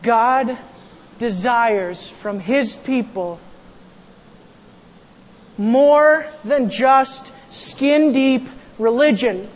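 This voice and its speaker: A pastor preaching a sermon in a church, animated, acting out quotes and raising the voice for emphasis. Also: medium pitch, drawn-out words, long pauses. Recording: long hall reverb.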